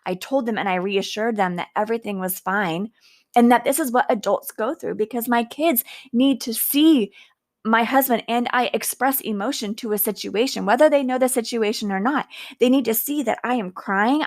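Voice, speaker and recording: On her podcast, a woman in her thirties with a medium-pitched voice shares a personal reflection. She sounds earnest and full of faith, slowing down to press on the words that matter most.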